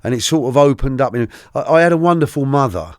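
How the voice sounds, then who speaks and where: A middle-aged man, a podcast guest telling his life story candidly, animated and often restarting his sentences. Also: mid-range voice, no room sound, studio quality. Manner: animated, halting with many restarts.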